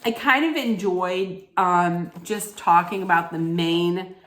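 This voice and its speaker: A woman's voice: on the low side, takes it slowly, a bit bright. A woman ranting in a casual recap vlog, blunt, scolding and full of profanity. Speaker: reality TV recap vlogger. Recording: echoey room.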